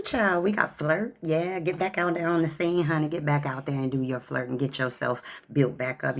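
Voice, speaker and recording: A woman giving a tarot card reading in a sassy, chatty way, calling the listener honey and child. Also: rumbling low. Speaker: tarot reader.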